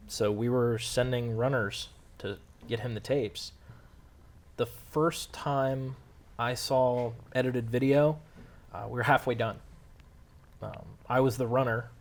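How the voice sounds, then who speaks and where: A man answering interview questions about making a short film, relaxed and rambling with lots of fillers. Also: medium pitch. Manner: relaxed storytelling with many fillers. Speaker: filmmaker interviewee.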